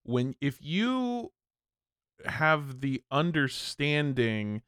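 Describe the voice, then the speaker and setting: A man's voice: fairly high pitch, very animated, extremely slow, a bit bright, smooth, no room sound, clean studio sound. A man co-hosting a podcast, asking curious questions and poking fun at himself. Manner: curious, self-deprecating. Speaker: podcast co-host. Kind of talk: casual chat.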